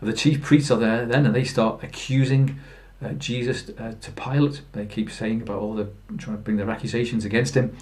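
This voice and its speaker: A man's voice: medium pitch, steady tone, brisk, a little mellow. A man preaching a Good Friday sermon in plain storytelling, earnest, with fillers and restarts. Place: church.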